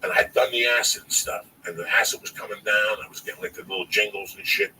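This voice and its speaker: A man's voice: on the low side, steady tone, quick pace, bright, forceful tone. A man around sixty telling a long personal story on a podcast, cursing freely and rambling with emphasis. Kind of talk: casual storytelling. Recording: distant mic, faint noise.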